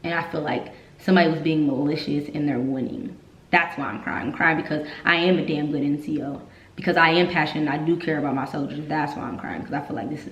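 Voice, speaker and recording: A woman recounts her own story in a candid, heartfelt rush. Her voice sits on the low side and the room around her rings with echo. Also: lo-fi sound. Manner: emotional, candid, repeats herself when upset. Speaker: vlogger telling her army story. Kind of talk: casual storytelling vlog. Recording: echoey room.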